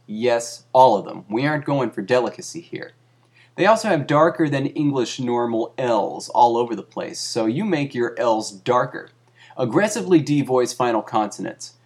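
A male narrator reads a satirical article deadpan, in a dry, mock-academic tone. His voice sits at an ordinary mid pitch. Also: normal speed.

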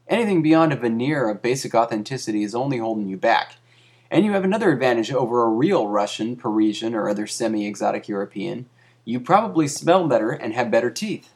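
Brief: man, deadpan comic narration, dry lecturing tone, mid pitch. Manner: dry, mock-academic delivery. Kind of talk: deadpan comic reading of a satirical article.

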